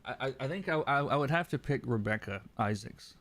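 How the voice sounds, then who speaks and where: A man, a comic colorist, chatting casually on a livestream while he works, thinking aloud with many restarts and soft chuckles. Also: medium pitch, expressive, a little fast. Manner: chuckles softly between remarks. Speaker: comic book colorist streaming his work.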